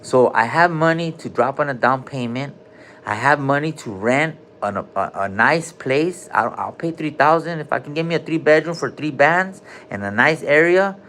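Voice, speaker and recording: A man's voice: a little high, animated, moderate pace, a bit bright, a little hiss or hum. A man hosting a casual livestream from a hospital room, joking loosely in heavy slang and calling out viewers' names. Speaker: livestream host.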